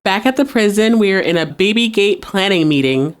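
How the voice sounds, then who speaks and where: A woman's voice: mid-range voice, expressive, moderate pace, smooth. A young adult woman hosting a podcast, casually recapping a TV episode, laughing often and acting out characters' lines. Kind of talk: casual recap with acted-out quotes.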